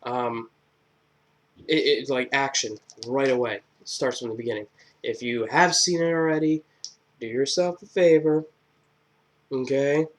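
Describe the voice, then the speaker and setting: A man's voice: mid-range voice, fairly even intonation, a little slow, long pauses. A man giving a casual spoken movie review, rambling with lots of fillers and a crude, irreverent sense of humor. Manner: rambling, filler-heavy, joking retelling.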